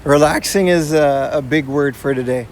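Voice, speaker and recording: Walking outdoors through the city with a portable streaming setup, this IRL streamer speaks at a moderate pace in a slightly high voice. He reads his chat aloud and responds in an easygoing, casual manner, often dropping "man" and "you know."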